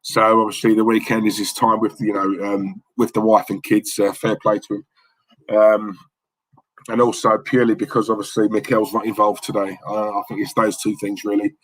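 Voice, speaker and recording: A man's voice: lowish voice, little pitch movement, normal speed, no echo, poor audio. Chatty man, dry close sound. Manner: chatty and cheeky, many fillers and repeated words. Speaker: livestream host. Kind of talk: casual chat reading live comments.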